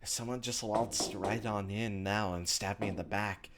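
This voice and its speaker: A man's voice: on the low side, steady tone, normal speed, heavy background noise. A man hosting a let's play, reading visual novel text aloud with casual, offhand asides. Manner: casual, offhand asides between read lines.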